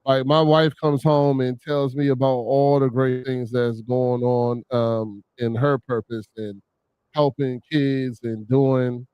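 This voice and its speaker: A man's voice: mid-range voice, flat delivery, clean tone, dry recording, dull audio. Affirming male host, dry sound. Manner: affirming, halting phrasing. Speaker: podcast host. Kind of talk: casual chat.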